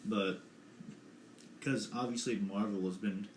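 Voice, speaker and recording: A man's voice: on the low side, steady tone, unhurried. A young man co-hosting a casual podcast, rambling and hedging as he talks, recorded in an echoey room. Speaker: podcast co-host. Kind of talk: casual chat. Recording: echoey room with faint noise.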